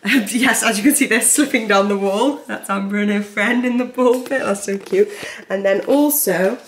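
A woman's voice: medium pitch, normal speed. A young woman vlogging casually at home, a mother who chats away and fills her talk with "like" and "literally". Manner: chatty, says "like" and "literally" constantly. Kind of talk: casual home vlog chat. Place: home interior. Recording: echoey room with faint noise.

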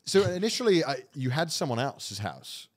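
A man hosting a casual group podcast chat, talking quickly and trailing off quietly at the ends of thoughts. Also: mid-range voice, big pitch swings, dry recording, studio quality. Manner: fast, chatty, trails off quietly. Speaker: podcast host.

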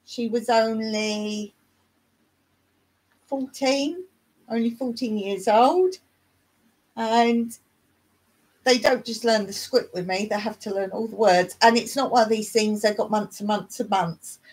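A woman's voice: a little high, slow pace, pauses often, darkish tone, slightly rough, low-quality recording. A middle-aged woman from England, hosting a casual live chat, talking in a chatty way, reading aloud and singing snatches of songs. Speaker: livestream host.

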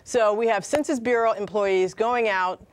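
A woman's voice: mid-range voice, fairly even intonation, moderate pace. A woman producing a community TV talk show, chatting casually and laughing often as she walks through slides. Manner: chatty, laughs often, asks rhetorical questions. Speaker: show producer presenting a topic. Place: community access TV studio.

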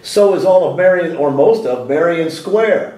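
This interview guest speaks at a normal speed in a somewhat high voice, animated and chatty, frequently starting over and posing rhetorical questions. Because the microphone sits some distance off, the library room makes him sound echoey.

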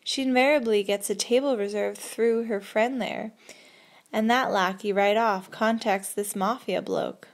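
A woman's voice: medium pitch, fairly even intonation, lightly acted. A woman voicing a nervous, agitated young man who talks in blunt slang and mutters sourly. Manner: muttering, sour and hurried.

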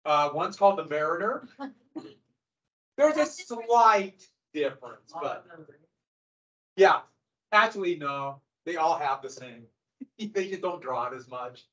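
A middle-aged man gives a classroom lecture in a loose, conversational way, tossing in dry sarcastic asides. His voice sits slightly high. The recording is a little dull and lo-fi, as if captured in the room. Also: fairly bright tone. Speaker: high school history teacher.

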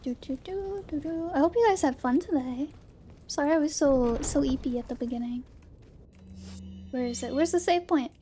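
A woman streamer chatting casually and excitably while gaming, humming to herself, her voice going hoarse. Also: sits high, normal speed, pauses often, a little hiss or hum. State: losing her voice.

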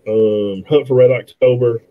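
A man's voice: mid-range voice, steady tone, measured pace, a crowd in the background. A middle-aged man chatting casually about movies as a podcast co-host, with frequent fillers and restarts. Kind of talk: casual movie commentary chat. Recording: tinny phone-like line.

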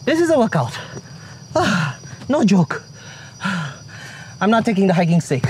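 A man's voice: sits high, sing-song, measured pace, a little mellow, a little hiss or hum. A man talking to his viewers while hiking outdoors, out of breath, joking and complaining as he climbs. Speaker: vlogger. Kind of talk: casual hiking vlog. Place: outdoors on a forest trail.

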